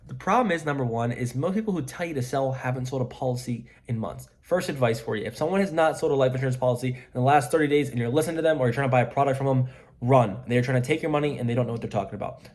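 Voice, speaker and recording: A man's voice: medium pitch, very fast, darkish tone. A man coaching life insurance sales in an emphatic, repetitive pep-talk to camera. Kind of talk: motivational coaching monologue to camera.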